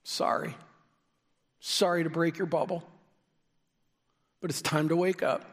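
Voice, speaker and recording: A man preaching a sermon in a lively way, sometimes raising his voice to a shout for key lines. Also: on the high side, measured pace, husky. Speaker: pastor. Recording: long hall reverb.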